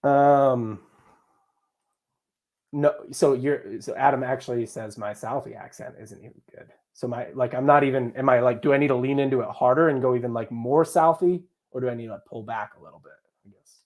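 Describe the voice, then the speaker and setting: Young guy running a live stream, chill warm voice, joking with chat. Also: medium pitch, steady tone, a little fast. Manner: jokey, chatty, talks to chat and co-hosts. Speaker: livestream host. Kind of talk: casual live chat reading viewer comments.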